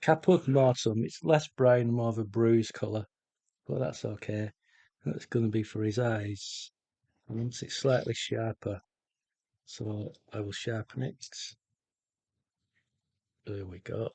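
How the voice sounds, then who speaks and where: A middle-aged man chatting casually while he paints, slow and rambling with many pauses. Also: fairly low pitch, fairly even intonation, gravelly, dark tone, husky, no room sound. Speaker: art vlogger.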